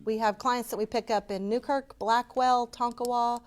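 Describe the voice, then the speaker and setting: A woman's voice: on the high side, steady tone, normal speed, smooth. A woman giving a passionate, earnest community talk to a live audience and answering their questions. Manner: earnest, passionate, talks openly. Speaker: community presenter.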